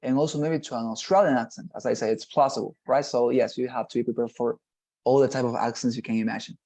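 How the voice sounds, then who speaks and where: A man's voice: mid-range voice, steady tone, quick pace, dark tone. A man teaching an online exam-prep class over a video call, explaining at length and checking in with the students. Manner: explanatory, repeats "nonetheless" and "right?".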